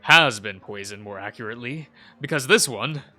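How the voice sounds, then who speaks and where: A man's voice: medium pitch, animated, normal speed, bright, forceful tone, faint music behind. A man voicing a pompous, self-assured man who prides himself on knowing wine and plants. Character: refined man, connoisseur of wine and botany.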